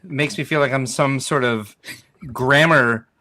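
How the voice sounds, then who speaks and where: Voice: medium pitch, moderate pace, a bit bright. A podcast co-host chatting playfully on a livestream, laughing often. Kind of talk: casual livestream chat.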